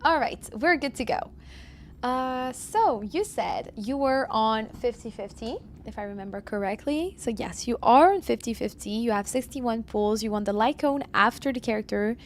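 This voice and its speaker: A woman's voice: fairly high pitch, animated, normal speed, slight background noise. A woman live-streaming from home, chatting casually and answering viewers as she plays. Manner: chatty, reads chat aloud and answers viewers.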